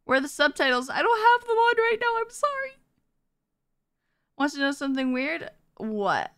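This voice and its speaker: A woman's voice: sits high, very animated, moderate pace, fairly bright tone. A woman streamer chatting with her viewers, bubbly as she reads and thanks the chat.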